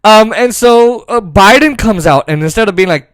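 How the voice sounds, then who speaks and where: A man's voice: sits high, lively intonation, moderate pace, a bit bright. A man hosting a political commentary podcast, ranting and swearing as he mocks the people he talks about. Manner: ranting, profane, mocking. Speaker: podcast host.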